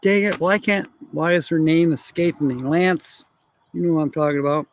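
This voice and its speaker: A man's voice: fairly high pitch, normal speed. A man hosting a casual RV-life livestream, rambling and chuckling as he answers viewer comments. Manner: rambling, chuckling often, thinking aloud. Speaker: RV livestream host.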